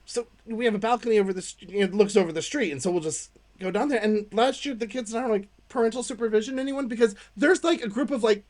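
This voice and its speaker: An American woman co-hosting a podcast, telling a story in casual chat with animated delivery and playful sound effects. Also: mid-range voice, fast, few pauses. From United States. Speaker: podcast co-host.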